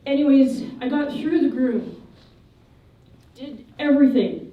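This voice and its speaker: A woman giving a memorial eulogy, telling funny, lively anecdotes about the people she remembers. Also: high voice, measured pace, lo-fi sound. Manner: lively, humorous storytelling. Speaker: eulogy speaker. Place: memorial service hall. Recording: echoey hall, voice from a distance.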